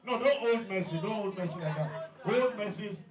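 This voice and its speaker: A Nigerian man with a Nigerian English accent, working as a comic MC at a party and teasing the crowd loudly. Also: sits high, expressive, normal speed. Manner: joking, loud, teasing the crowd. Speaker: event MC. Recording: echoey hall with crowd, mic far.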